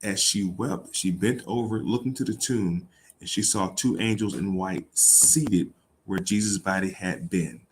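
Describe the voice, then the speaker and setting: A man's voice: low-pitched, unhurried, a little hiss or hum. A man reading a Bible passage aloud and riffing on it in casual, irreverent talk, swearing and laughing. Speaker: host.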